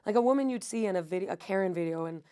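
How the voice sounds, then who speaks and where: A young woman comedian telling an animated, profane story in casual podcast chat. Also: medium pitch, rapid-fire. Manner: animated, profane, acts out quotes. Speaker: guest comedian.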